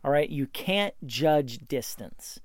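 A man's voice: fairly high pitch, expressive, slow, no room sound, clean studio sound. A man telling a hunting story in a casual, matter-of-fact and emphatic way. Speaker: bowhunting advice speaker.

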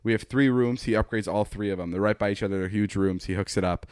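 A podcast host in his twenties spins a long story in casual conversation, cursing often and performing what people said. His lowish voice is smooth and fast, captured in a dry, studio-quality recording.

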